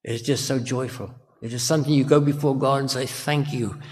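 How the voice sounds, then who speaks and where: A man's voice: mid-range voice, fairly even intonation, fast talker, a little mellow. An older man preaching a sermon as a minister, earnest and full of rhetorical questions to his congregation. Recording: long hall reverb.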